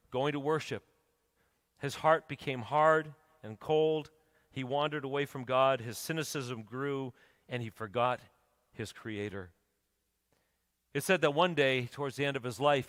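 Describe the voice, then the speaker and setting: A pastor preaches in a church sanctuary, the recording carrying church hall reverb. His medium-pitched voice is a bit bright as he tells a story and builds to urgent, emphatic appeals.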